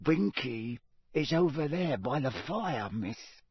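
A man voicing a small, excitable male house elf with a squeaky voice, pleading and slow, in an audiobook reading. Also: a little hiss or hum. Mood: sad, hushed. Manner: high, slow and pleading, speaks of himself by name. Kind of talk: audiobook character voice.

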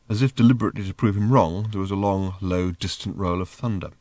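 A man's voice: sits low, fast talker, few pauses, darkish tone, no room sound. A man reading an audiobook aloud in a dry, understated narration.

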